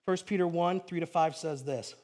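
A high-pitched man in his thirties delivers a pastor's sermon. He tells stories with animation, dropping to a hush and then rising loud again. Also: normal speed. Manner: animated storytelling, swinging from hushed to loud.

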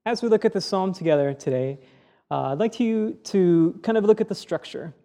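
A pastor preaches a sermon, first reading a psalm aloud and then explaining it in an earnest, teaching way, often restarting his sentences. His voice sits high and sounds mellow and expressive, at a normal speed.

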